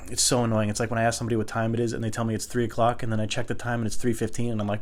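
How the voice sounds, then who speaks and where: A man talking alone into the mic in a loose, comedic rant. He swears freely and gets worked up, his voice a middling pitch. He sounds animated and exasperated. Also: very fast.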